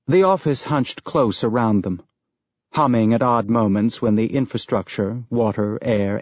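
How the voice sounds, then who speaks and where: A man narrating an audiobook in a measured, even storytelling manner. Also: fairly low pitch, no room sound, lo-fi sound. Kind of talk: scripted narration.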